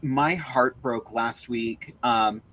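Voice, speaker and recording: Heartfelt gentle man co-host. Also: medium pitch, slow pace. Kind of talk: casual panel chat.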